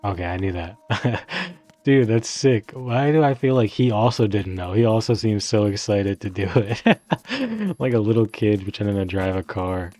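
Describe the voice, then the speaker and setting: A young man casually commentating his video game playthrough, swearing freely, laughing often and bursting into excited outbursts. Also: on the low side, moderate pace, no echo, faint music behind. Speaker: gaming streamer. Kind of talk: casual let's play commentary.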